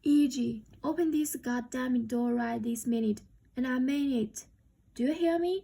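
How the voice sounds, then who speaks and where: A woman reading a novel aloud, voicing a young woman who pleads and scolds sharply, with a husky, gravelly voice. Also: high-pitched, measured pace, mellow, exaggerated voice. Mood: commanding.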